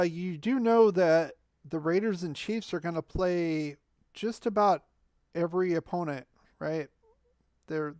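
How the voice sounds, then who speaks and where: A man's voice: fairly high pitch, darkish tone, dry recording. Guy ranting about his football team on a livestream, firing back at chat, fired up and argumentative, dry close sound, not much room. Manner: heated, argumentative, talks back to chat commenters. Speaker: fan channel livestream host. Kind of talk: sports fan livestream commentary, reading chat.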